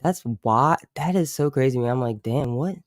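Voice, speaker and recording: A man's voice: mid-range voice, a little fast, no echo, studio quality. A man hosting a casual livestream chat, talking loosely with lots of fillers, swearing and chuckles. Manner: loose slangy talk, many "like" fillers, swearing; chuckles often between remarks. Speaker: livestream host.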